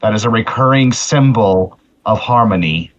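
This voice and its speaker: A man's voice: lowish voice, lively intonation, moderate pace. A man chatting eagerly as a player in a tabletop game, quizzing the others with questions. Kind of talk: casual chat during a tabletop game. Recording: muffled lo-fi audio.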